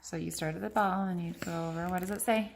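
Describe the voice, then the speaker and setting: Low-voiced mom teaching a child to read. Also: female voice, fairly even intonation, quick pace, vocal fry. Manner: patient, encouraging, chatty asides to the camera. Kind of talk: casual home video vlog. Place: home. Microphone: phone. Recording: faint background noise, home phone recording.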